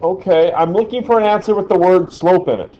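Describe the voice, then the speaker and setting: A man's voice: high voice, brisk, highs cut off, a little hiss or hum. A man teaching a physics lesson in a classroom, quizzing the class as he goes. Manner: chatty, asks the class questions. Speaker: science teacher.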